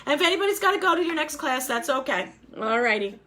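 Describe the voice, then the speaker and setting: A woman's voice: sits high, big pitch swings, fast talker, pushed and bright, a little hiss or hum. A woman teaching a life skills class over a video call, upbeat and encouraging as she quizzes her students.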